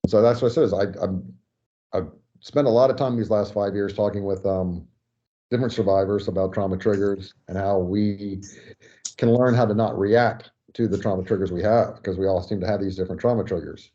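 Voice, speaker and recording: A man's voice: on the low side, steady tone, fairly quick, warm tone. A man hosting a casual podcast interview, talking in a rambling, conversational way. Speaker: podcast host. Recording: dull lo-fi audio.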